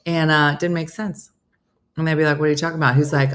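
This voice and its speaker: Low-voiced chatty woman host. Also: fast talker. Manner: chatty storyteller, quoting others in lively voices. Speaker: comedian hosting a live morning show. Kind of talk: casual chat reading viewer comments.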